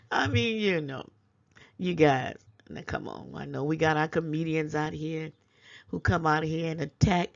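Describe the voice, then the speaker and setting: Gravelly-voiced woman scolding her viewers. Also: lowish voice, dull audio. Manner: preachy, scolding with rhetorical questions; chuckles between points. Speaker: channel host. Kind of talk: casual commentary vlog.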